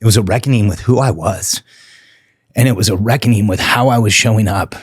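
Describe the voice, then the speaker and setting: A middle-aged man speaks as a podcast guest in a low, husky voice, earnest and heartfelt. He slows down to press on the words that matter. The sound is close and dry, with no room around it. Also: no room sound. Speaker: podcast guest, relationship coach. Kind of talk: candid interview talk.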